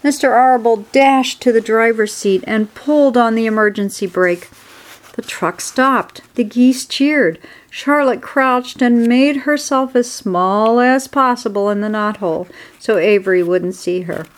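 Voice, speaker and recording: A woman narrating a children's storybook aloud in a steady, expressive way. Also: fairly high pitch, measured pace.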